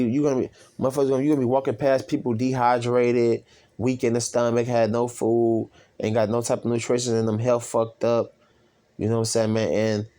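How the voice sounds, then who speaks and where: A man casually reading and commenting on scripture as a self-styled preacher, rambling and profane, with drawn-out fillers. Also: mid-range voice, dark tone.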